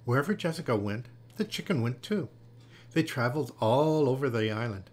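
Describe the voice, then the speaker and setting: A man gently and expressively reading a children's picture book aloud. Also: medium pitch, animated, normal speed, a little hiss or hum. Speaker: storyteller.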